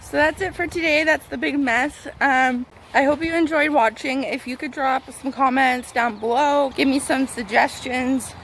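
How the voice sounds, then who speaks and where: A fairly high-voiced woman walks through her vegetable garden and chats excitedly about what is growing, now and then speaking straight to her plants. Her voice turns squeaky at times. She was recorded outdoors on a handheld camera, with faint outdoor noise behind her. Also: normal speed, hardly any pauses. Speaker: gardening vlogger. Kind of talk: casual garden tour.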